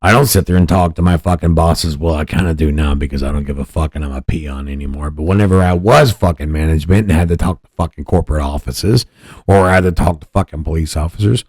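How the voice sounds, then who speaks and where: A man's voice: extremely low pitch, quick pace, a little mellow, no echo, studio quality. A man hosting a podcast, giving blunt, profane political commentary in a ranting manner. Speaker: podcast host.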